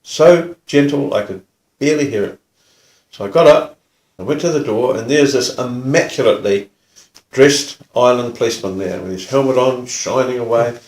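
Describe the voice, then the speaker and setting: An older man with a New Zealand accent, a retired police officer telling stories in a relaxed, casual way. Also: mid-range voice, moderate pace, reverberant. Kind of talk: casual storytelling.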